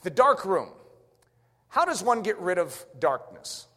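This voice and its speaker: A male preacher with a high, very lively voice delivers an emphatic sermon and hammers home his rhetorical questions. A long hall reverb trails after each phrase, as in a church sanctuary. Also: measured pace.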